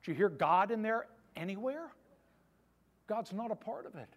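A man's voice: high voice, animated, normal speed, slightly rough. A man pastor delivering a sermon in a conversational preaching style, with humorous asides to the congregation.

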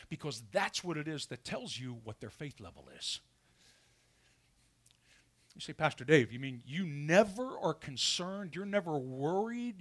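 A man preaching a sermon as pastor from a church pulpit, asking his congregation questions as he goes. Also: on the high side. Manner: animated preaching with rhetorical questions.

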